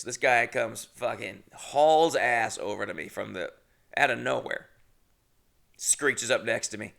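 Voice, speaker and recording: Young dude rambling thru a funny story, swears a ton, gravelly but kinda bright voice. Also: male voice, medium pitch. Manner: rambling, swears a lot, laughs at himself. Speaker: podcast host. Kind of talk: casual comedic storytelling.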